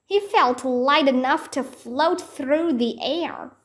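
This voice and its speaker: Slow high-voiced woman reading a children's book. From Vietnam. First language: Vietnamese. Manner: acts out character lines with raised pitch. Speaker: reader. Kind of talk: children's book read-aloud.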